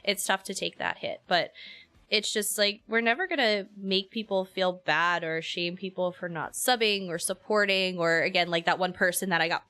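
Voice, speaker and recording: A woman's voice: on the low side, moderate pace, pushed and bright. A woman streamer chatting casually and candidly with her audience, rambling and opinionated. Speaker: streamer and co-host. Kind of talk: casual live-stream chat.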